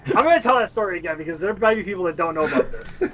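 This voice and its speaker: A man's voice: sits high, rapid-fire, low-quality recording. A man co-hosting a casual podcast, telling stories. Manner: animated storyteller, laughs often. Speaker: podcast co-host. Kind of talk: casual chat.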